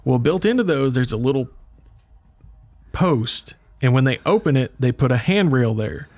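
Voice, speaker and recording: A man's voice: medium pitch, moderate pace. A man hosting a podcast, telling a story in casual chat and chuckling as he talks. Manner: animated storyteller, chuckles while talking. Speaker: podcast host.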